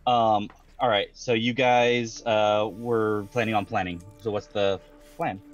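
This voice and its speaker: A man's voice: lowish voice, level tone, unhurried, faint music behind. A man running a tabletop game as game master, laid-back and swearing casually while he laughs along.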